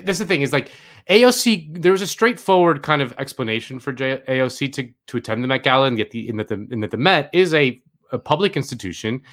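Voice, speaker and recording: Halting, rambling middle-aged man. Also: medium pitch, lively intonation, fairly bright tone. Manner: halting, repeats words, chuckles. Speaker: podcast co-host. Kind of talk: casual political chat.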